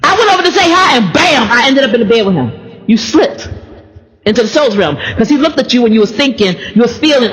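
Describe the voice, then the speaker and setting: A woman preaching an informal sermon in a lively, conversational way, often repeating words in long chanting runs. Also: a little high, fairly quick. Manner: animated, conversational preaching with asides. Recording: long hall reverb.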